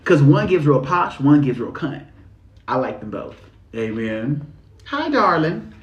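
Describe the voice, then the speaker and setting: A man giving spiritual readings on a livestream, talking in a sassy, slangy, animated way. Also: medium pitch, moderate pace, highs cut off. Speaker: spiritual reader. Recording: echoey room.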